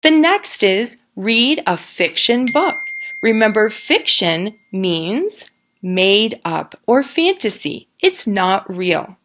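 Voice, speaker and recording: Slow, sing-song kindergarten teacher woman. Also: mid-range voice, big pitch swings, a bit bright. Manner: slow, patient and sing-song, sounding out words. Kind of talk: recorded classroom lesson.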